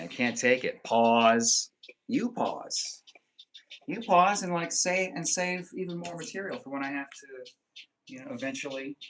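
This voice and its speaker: Male streamer, mid-pitched, casual, crude and jokey with his chat. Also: fairly bright tone. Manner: joking, profane banter with viewers; reads viewer comments aloud. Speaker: live streamer.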